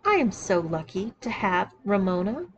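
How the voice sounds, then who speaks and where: A woman narrating a first-person audiobook in an even, unhurried storytelling voice. Her pitch sits in the middle range, with a faint hiss in the recording. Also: highs cut off. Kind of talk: audiobook reading of an erotic memoir.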